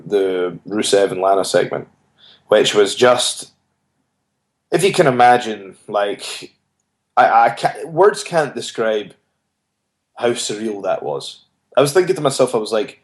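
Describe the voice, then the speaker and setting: A man's voice: on the low side, lively intonation, takes it slowly, pauses often. A man, a wrestler being interviewed, telling his story earnestly and often restarting his phrases. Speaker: wrestler guest. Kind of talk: casual interview chat. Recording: roomy echo.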